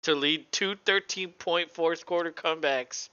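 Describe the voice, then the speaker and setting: A man co-hosting a casual live football reaction show, excitable and quick to swear and laugh. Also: fairly high pitch, clean tone, no room sound, dull audio. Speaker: co-host.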